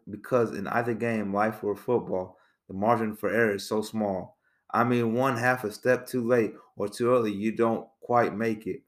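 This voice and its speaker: A man reading out the pep talk of a weary middle-aged male football coach, in an earnest, measured delivery. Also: on the low side, lightly acted.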